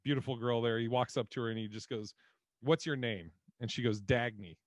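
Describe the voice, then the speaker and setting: A man's voice: mid-range voice, fairly quick, dry recording. A man co-hosting a podcast in casual chat, rambling and laughing, swearing freely. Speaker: podcast co-host.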